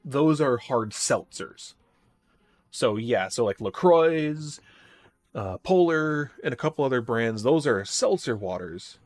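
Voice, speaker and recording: A man's voice: mid-range voice, expressive, slow. A man from the Chicago area with a general Midwestern American accent, chatting in a rambling way while he streams a game and answers chat. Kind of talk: casual chat while gaming. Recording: faint music behind.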